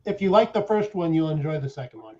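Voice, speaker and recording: A man's voice: on the high side, big pitch swings, quick pace, warm tone. A man co-hosting a casual podcast, rambling earnestly through his opinions. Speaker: podcast co-host. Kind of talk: casual political chat. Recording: dull lo-fi sound with faint hiss.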